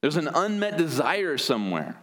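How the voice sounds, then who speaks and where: A man's voice: fairly high pitch, sing-song, moderate pace, a bit bright. A man preaching an earnest expository sermon, explaining word meanings with wry asides. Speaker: pastor.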